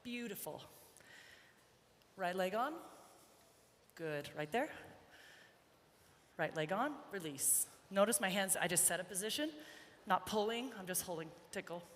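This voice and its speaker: A woman horse trainer giving a live riding demonstration, chatting, joking and softly coaxing her young horse. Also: medium pitch, lively intonation, measured pace, pauses often. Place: large indoor arena. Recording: echoey arena with faint background noise.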